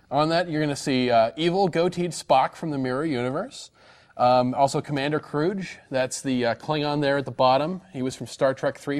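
A man hosting a live weekly call-in program, talking casually with frequent fillers and restarts. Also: medium pitch. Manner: chatty, many fillers and restarts. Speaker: host of a call-in show.

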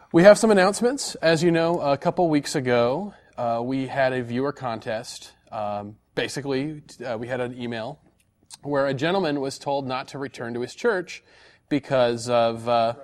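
A man hosting a live weekly call-in program, talking casually with frequent fillers and restarts. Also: mid-range voice. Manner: chatty, many fillers and restarts. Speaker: host of a call-in show.

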